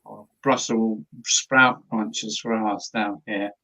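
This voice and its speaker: A man's voice: on the low side, fairly even intonation, slow, pushed and bright, husky, poor audio. A man from Dover with a Kent accent, chatting casually on a live stream while he paints, rambling and chuckling with plenty of fillers. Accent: Kent English. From Dover, Kent, England.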